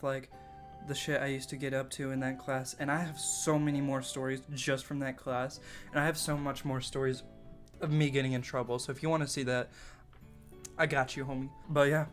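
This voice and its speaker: A young man casually telling a story from his school days, swearing freely and laughing as he goes. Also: mid-range voice. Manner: casual, profane, laughs often while telling. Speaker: storytelling vlogger.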